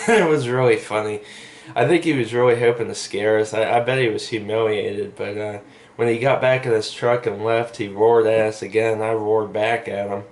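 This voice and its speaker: A man's voice: on the low side, fairly even intonation, moderate pace. A young man telling a story in a casual vlog, rambling with lots of fillers and asides, recorded on a camera mic. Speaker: vlogger.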